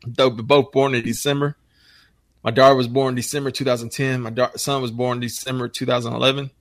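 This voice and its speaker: A man in his thirties telling stories in casual chat, animated and swearing a lot, acting out quoted lines. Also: mid-range voice, fairly quick, no echo.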